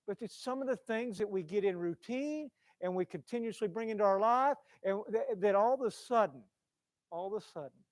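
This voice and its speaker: High-voiced guy preaching, gets loud then drops real quiet, repeats himself a lot, dry close sound. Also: dry recording. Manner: impassioned, swings from loud to hushed, repeats phrases. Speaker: pastor. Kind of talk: sermon. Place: church.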